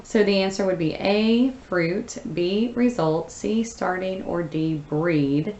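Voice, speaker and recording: In a fairly low, slightly mellow voice, a woman teacher reads a story and then walks through the answers patiently, step by step, pausing often on fillers. The room rings with a noticeable echo, the highs are cut off, and there's slight background noise.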